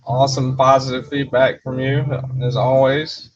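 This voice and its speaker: A man's voice: medium pitch, flat delivery, moderate pace. Rambling man hosting a garage livestream. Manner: rambling, with many fillers like "you know" and "uh"; laughs often between remarks. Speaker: livestream host. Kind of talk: casual livestream chat, reading out viewer comments. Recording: slightly dull livestream audio with faint background music.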